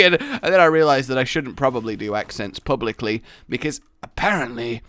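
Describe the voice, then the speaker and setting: A man's voice: medium pitch, fairly quick, hardly any pauses, dry recording. A young man giving exasperated, rambling let's play commentary into a close mic. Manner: animated, exasperated rambling with outbursts. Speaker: gaming YouTuber.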